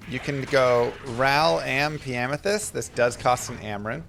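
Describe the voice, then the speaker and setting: A man's voice: medium pitch, normal speed, creaky, hardly any pauses, fairly bright tone, slight background noise. A man chatting casually on a live stream while playing a game, telling stories and reading chat between play. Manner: chatty, anecdotal, reads chat aloud.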